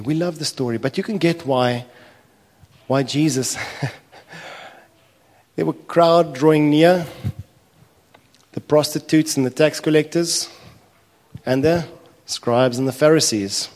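A man preaching a sermon, telling a parable with animated, acted-out voices. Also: a little high, slow, long pauses. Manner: animated storytelling, acting out characters' complaints. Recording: echoey hall reverb.

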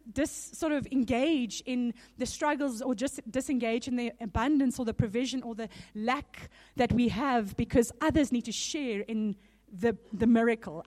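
Higher-voiced woman preaching conversationally. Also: moderate pace, hardly any pauses, darkish tone. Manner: conversational, earnest, laughs between points. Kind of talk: sermon.

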